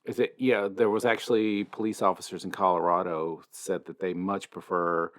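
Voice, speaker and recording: A man chatting on a podcast as a guest, talking in halting, hesitant bits with many ums and restarts. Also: deep voice, level tone, fairly bright tone. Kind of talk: casual chat.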